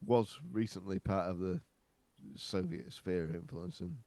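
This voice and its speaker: Slow, swearing low-voiced man. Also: big pitch swings, warm tone, no echo. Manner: blunt and profane, laughs easily. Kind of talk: casual banter.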